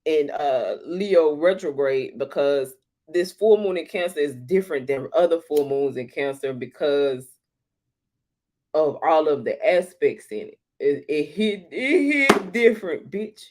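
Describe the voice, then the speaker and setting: A woman chatting casually about astrology, animated and profane, laughing often. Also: low voice, a little slow. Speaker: astrology talk host.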